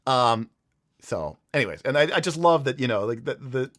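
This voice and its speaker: A man's voice: mid-range voice, lively intonation, moderate pace, fairly bright tone, dry recording. A man in the middle of his range hosts a casual livestream, rambling through a story with plenty of "um"s and "you know"s. He sounds eager and carried away by his own telling. The sound is dry and close, with no room around it. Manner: rambling, enthusiastic storytelling with many fillers. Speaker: livestream host.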